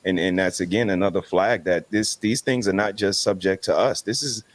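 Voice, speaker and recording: A man's voice: deep voice, moderate pace. A man, making emphatic, preachy points as a guest in a casual podcast discussion. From New York City.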